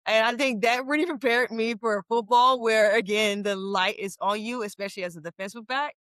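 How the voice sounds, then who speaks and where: A young woman from Memphis, a former football captain, telling her story as a lively interview guest who laughs often. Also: a little high, fairly quick, clear, resonant tone, no echo. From Memphis, USA. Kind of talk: casual interview talk.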